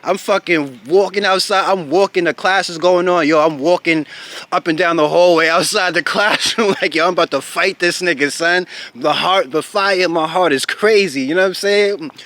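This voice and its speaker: Casual storytelling man, slightly high voice. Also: normal speed. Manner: loose and profane, repeatedly asking "you know what I'm saying"; grows loud and animated when recalling anger. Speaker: vlogger telling a personal story.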